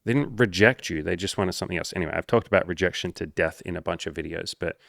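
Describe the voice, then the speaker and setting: A man with a low, gravelly voice talks in a casual monologue as a dating coach. He is blunt and swears often, and his voice jumps higher when he acts out the people he quotes. The sound is close and dry. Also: fast talker, fairly bright tone, dry recording. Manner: profane, blunt and emphatic.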